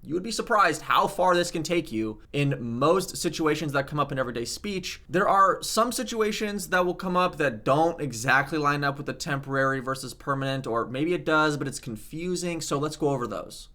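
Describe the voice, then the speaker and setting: A man's voice: fairly high pitch, bright, forceful tone. A man explaining language grammar in a casual video lesson, talking animatedly and checking in with "okay?" and "like". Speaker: language teacher.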